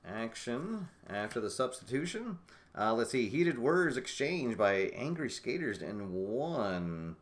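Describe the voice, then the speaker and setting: A man giving play-by-play commentary on a tabletop roller derby game he is playing, musing with fillers and sudden bursts of excitement. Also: medium pitch, takes it slowly.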